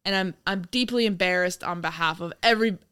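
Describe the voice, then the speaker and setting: A woman's voice: lowish voice, fairly quick, fairly bright tone, clear, resonant tone, no room sound, clean studio sound. A young woman co-hosting a podcast in casual chat, joking and sarcastic, often laughing. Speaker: podcast co-host.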